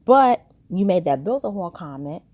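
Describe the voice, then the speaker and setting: A woman's voice: lowish voice, sing-song, normal speed, mellow. A woman casually recapping a reality TV episode, chatty and gossipy, acting out the quoted lines as she retells them.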